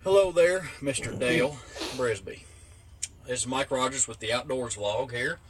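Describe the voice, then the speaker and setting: A man with a Southern US accent asking a question in a halting, playfully boastful way. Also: medium pitch, a little hiss or hum. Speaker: viewer sending a video question.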